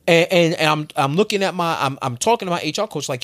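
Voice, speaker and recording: A man, a podcast guest, telling a story in a casual, animated way with informal slang. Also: on the high side, fast.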